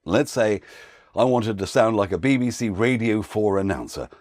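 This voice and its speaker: A man who works as a voiceover coach, giving an instructional talk with clear, patient explanations. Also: lowish voice, moderate pace, darkish tone, no echo, studio quality.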